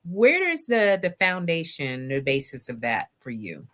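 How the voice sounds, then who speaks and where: A woman's voice: low voice, big pitch swings, unhurried, fairly bright tone. A woman hosting a live talk show, chatting emphatically and keeping the conversation moving.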